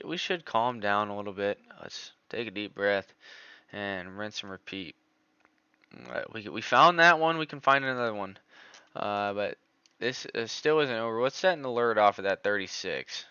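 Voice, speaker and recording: A man's voice: on the low side, normal speed, smooth, dry recording, highs cut off. Man giving live chart commentary. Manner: excitable, groans over missed trades. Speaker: stock trading streamer.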